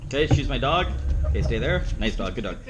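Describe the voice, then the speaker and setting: A man's voice: mid-range voice, sing-song, quick pace, background noise. A man teaching a dog training seminar, plain-spoken, who acts out the dog's thoughts in playful asides. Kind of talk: seminar teaching with live demonstration.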